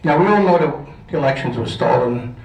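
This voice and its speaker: A man's voice: medium pitch, lively intonation, brisk, a little mellow, lo-fi sound. A man with a Brooklyn accent, out of breath, giving a blunt, rambling speech to a crowd and laughing often. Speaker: speaker at a political social. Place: event hall. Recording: echoey room, from far off.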